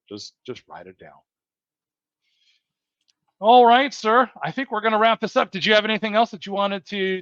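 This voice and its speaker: A man's voice: sits high, a bit bright, no echo. A man hosting a casual interview, talking earnestly and rambling with many restarts and fillers. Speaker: host. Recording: dull lo-fi dry sound.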